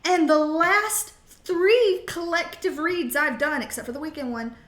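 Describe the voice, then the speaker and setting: A woman with a high voice gives a casual live tarot reading, chatty and jokey, rambling from one aside to the next and swearing freely. Her voice bounces around an echoey room. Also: a little fast, a bit bright. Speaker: tarot reader.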